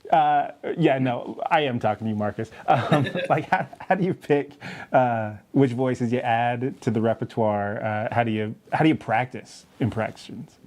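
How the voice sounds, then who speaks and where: A man's voice: mid-range voice, normal speed, a little mellow. A male host interviewing a guest, asking casual questions with little laughs and filler words.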